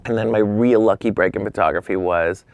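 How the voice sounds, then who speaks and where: A man's voice: fairly low pitch, fairly quick, creaky, smooth, no room sound, studio quality. A man guest on a talk show, telling stories casually and acting out the other people in them. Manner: animated, acts out quoted voices; casual, swears freely. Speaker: interview guest. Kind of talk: storytelling anecdotes.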